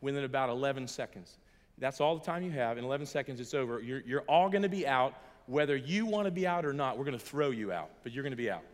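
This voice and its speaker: A middle-aged American man preaching a sermon to a hall audience, earnest and emphatic, going from hushed to loud and chuckling through his stories. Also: medium pitch, expressive, fast, few pauses. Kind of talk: sermon with personal storytelling. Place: large hall before an audience. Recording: long echoey hall reverb.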